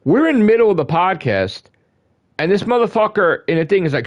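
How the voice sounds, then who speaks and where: A man on a gaming live stream, ranting in a heated, profane way, repeating himself and swinging from loud outbursts to low grumbles. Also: very animated, brisk. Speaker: gaming livestreamer.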